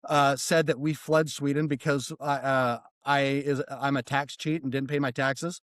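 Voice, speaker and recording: A man telling a story as a podcast guest in a casual, animated way, mimicking other people and swearing freely. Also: medium pitch, moderate pace, no room sound. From United States.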